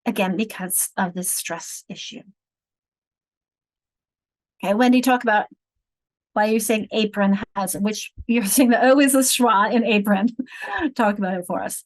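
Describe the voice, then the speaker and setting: A woman leading an online teacher training on reading instruction from home, explaining patiently and slowly sounding out example words. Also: mid-range voice, dry recording, low-quality recording. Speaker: literacy instructor.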